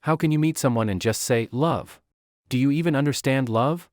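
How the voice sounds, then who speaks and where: A man's voice: medium pitch, normal speed, dry recording, clean studio sound, lightly acted. A man voicing a panicked young man who pleads and backs away in flustered bursts in a storybook recap. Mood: alarmed. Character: panicked young man fleeing an unwanted suitor.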